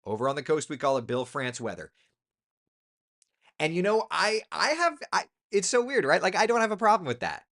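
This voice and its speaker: A man who's a meteorologist runs a casual live chat, reading comments from viewers and giving his take. His voice is brisk, sing-song, and a bit bright, with sharp upward pitch swings for emphasis.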